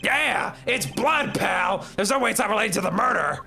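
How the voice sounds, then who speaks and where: A man plays a loud, excitable police detective who shouts in a high, pushed voice. His voice is gruff and eager in this game fan dub. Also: normal speed, soft background music, heavily acted. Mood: excited.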